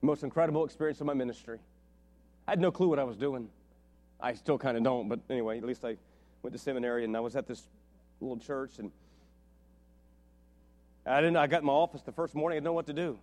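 A middle-aged man from West Virginia preaching a sermon, telling stories and rising to animated, shouted peaks. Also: mid-range voice, fast, pauses often. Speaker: pastor.

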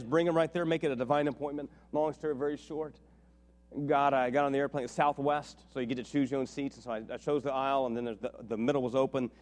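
A man preaching a sermon as a pastor, telling a story with lively acted-out dialogue. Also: fairly high pitch. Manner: animated storytelling, acts out dialogue with big swings in loudness. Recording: long reverb of a large hall.

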